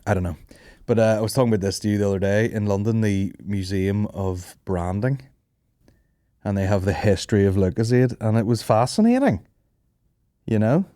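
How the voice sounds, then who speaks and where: A man's voice: fairly low pitch, moderate pace, warm tone, no echo, clean studio sound. A young man hosting a podcast, rambling through stories with lots of swearing and laughter. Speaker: podcast host. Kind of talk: casual chat.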